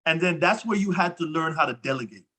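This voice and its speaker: Co-host, reflective and slightly high. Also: male voice, fast talker, bright, forceful tone. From Jamaica. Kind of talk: casual interview chat.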